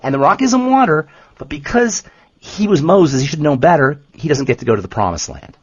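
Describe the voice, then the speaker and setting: A man explaining nutrition on a podcast with a lively, swooping delivery and a slightly husky voice. He repeats his points emphatically. The recording has a dull, lo-fi sound. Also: fairly high pitch, fairly quick, no echo. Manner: animated, emphatic, repeats himself. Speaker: health podcast co-host, nutrition expert. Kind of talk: casual explanatory podcast talk.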